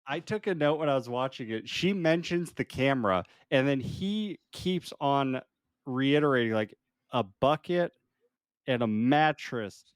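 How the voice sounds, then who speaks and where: A man's voice: medium pitch, lively intonation, normal speed, clean tone, no echo, clean studio sound. A man co-hosting a podcast, casually recapping a movie plot and laughing often. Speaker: podcast co-host.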